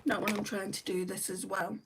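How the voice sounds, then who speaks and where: A woman's voice: medium pitch, little pitch movement, brisk, noisy background. Chatty woman, slightly off-mic. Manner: chatty, answers viewer comments one by one. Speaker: makeup livestream host. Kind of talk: casual live chat while doing makeup. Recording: voice a bit distant from the mic.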